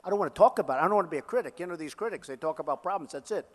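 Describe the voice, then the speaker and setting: An older man holds forth at a campaign rally, boasting and repeating his lines in an off-the-cuff way. His voice sits high for a man, and a long hall reverb trails each phrase. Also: animated, racing. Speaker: political candidate at a rally. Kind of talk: rally speech.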